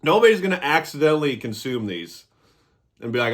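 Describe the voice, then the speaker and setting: A man's voice: mid-range voice, animated, normal speed, a bit bright. A man hosting his own review vlog, talking casually and joking as he eats. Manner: joking, irreverent. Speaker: cannabis reviewer.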